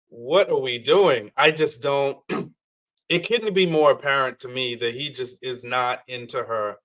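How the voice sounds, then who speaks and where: A man's voice: medium pitch, measured pace, fairly bright tone. A man commenting on a reality show in an incredulous, mocking way. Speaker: panel co-host. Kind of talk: casual commentary chat.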